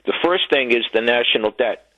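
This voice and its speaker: A male radio caller heard over a narrow, tinny phone line with a dry sound. He speaks in a plain, earnest, steady way at a mid pitch. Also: fairly quick, no echo. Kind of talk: call-in phone comment.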